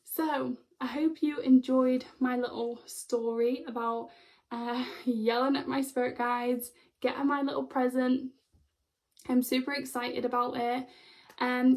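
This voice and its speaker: A young woman with a fairly high voice tells a story to her viewers. She is chatty and excitable and talks loosely, with plenty of "like" and "um" as she goes. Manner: chatty, excitable, full of "like" and "um" fillers. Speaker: spiritual vlogger. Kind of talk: casual storytelling to camera.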